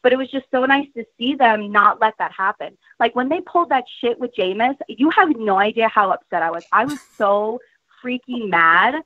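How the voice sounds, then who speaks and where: A young woman calls in to a fan podcast, high and animated, ranting with plenty of swearing. Her voice comes over a muffled phone line with a dry, close sound. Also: fairly quick, hardly any pauses, no echo. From Tampa area. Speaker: caller. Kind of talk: phone call-in.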